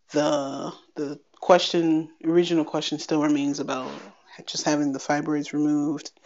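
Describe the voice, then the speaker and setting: A woman giving a candid personal update on her podcast, chatty and wry, acting out bits of a conversation in quick animated bursts. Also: deep voice. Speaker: podcast host. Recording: slightly dull lo-fi sound.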